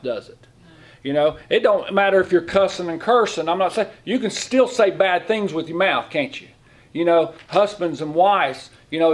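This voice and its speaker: A middle-aged lay preacher, his voice a little high, gives a folksy, conversational sermon in plain, informal grammar, often putting questions to the room.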